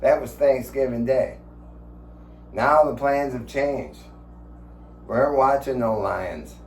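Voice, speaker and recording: At home, a man in his sixties rambles for his vlog, cursing freely and chuckling through his stories. His voice is mid-pitched and darkish, he takes his time, and the room is echoey with a faint hum.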